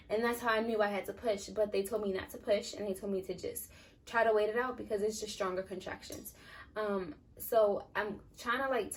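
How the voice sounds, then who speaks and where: Young woman vlogging, just chatting thru her story, lots of likes and ums, kinda far from the mic, pitch pretty average. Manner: chatty, rambling with many "like" and "um" fillers. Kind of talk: casual personal storytelling. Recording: voice a bit distant from the mic.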